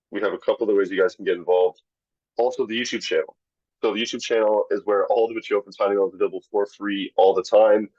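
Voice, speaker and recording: Low-voiced man hosting an online talk. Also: a little mellow, dry recording, dull audio. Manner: upbeat, reads sponsor lists, some restarts. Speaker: webinar host. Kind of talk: live online talk introduction. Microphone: video call.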